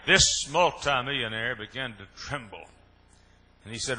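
An older man preaching a sermon, moving from quiet prayer to impassioned, shouted storytelling. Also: medium pitch, unhurried. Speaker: pastor.

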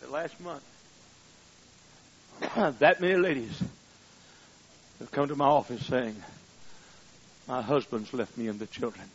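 Husky older preacher, shouting then hushed. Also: male voice, mid-range voice, unhurried, long pauses. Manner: swings from shouting to hushed storytelling. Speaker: pastor. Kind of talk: sermon. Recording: muffled, lo-fi.

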